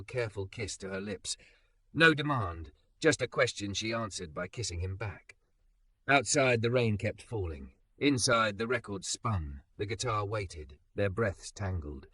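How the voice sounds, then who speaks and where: A man reading a romance story aloud in soft, lingering scripted narration. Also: on the low side, no room sound.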